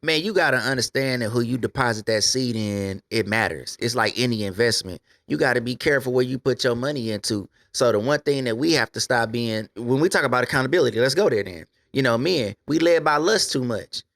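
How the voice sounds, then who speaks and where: A man's voice: mid-range voice, brisk, hardly any pauses, fairly bright tone. An American man co-hosting a casual podcast discussion, opinionated and profane, lecturing his listeners. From USA. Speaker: podcast co-host.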